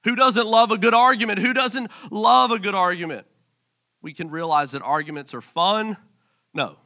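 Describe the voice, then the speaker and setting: A male pastor preaching a sermon in a playful, animated way, with joking asides. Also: on the high side.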